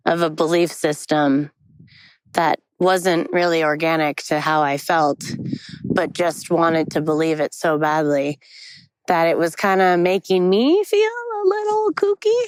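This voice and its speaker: A woman's voice: low voice, clear, resonant tone, dry recording, poor audio. A woman telling a candid, rambling story into her phone while hiking on an outdoor forest trail. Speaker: vlogger. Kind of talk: casual storytelling vlog. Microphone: phone held while walking.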